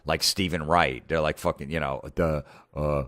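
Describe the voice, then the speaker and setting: A middle-aged man hosting a podcast, ranting in a profane, sarcastic way and mocking people with quick impressions. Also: very deep voice, fairly even intonation, fairly bright tone. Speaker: podcast host. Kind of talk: comedic rant.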